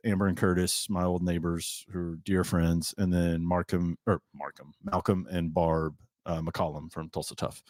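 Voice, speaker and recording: Male podcast host, low voice, chatty storyteller, dry close sound. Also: normal speed, hardly any pauses, no room sound. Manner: chatty storyteller, animated retelling. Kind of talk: casual chat.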